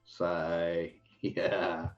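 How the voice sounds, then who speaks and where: A man playing a tabletop game, loud and cheeky. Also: low voice, level tone, very slow, faint music behind. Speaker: player. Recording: dull lo-fi mic.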